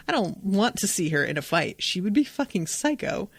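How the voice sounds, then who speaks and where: A woman hosting a podcast, recapping an episode in a casual, animated, profane and digressive way. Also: medium pitch, normal speed, breathy edge, dry recording. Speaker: podcast host.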